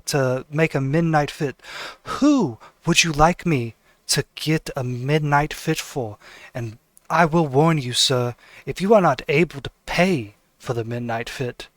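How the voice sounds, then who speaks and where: A man's voice: a little high, a little slow, no room sound, lightly acted. Man putting on a silky menacing tailor. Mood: smooth menacing. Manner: polite, silky and ominous. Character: smooth elegant menacing male tailor of assassins.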